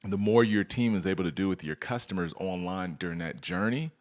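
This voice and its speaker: In a sales training presentation, a man coaches his audience with lots of energy, throwing rhetorical questions at them and acting out conversations with customers. His voice is low and he talks fairly quickly.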